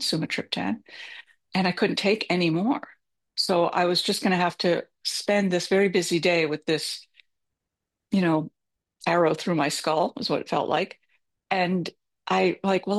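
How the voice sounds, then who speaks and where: A middle-aged woman telling a self-deprecating personal story as advice, candid and chatty with filler words. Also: on the low side. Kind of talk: personal advice talk with anecdote.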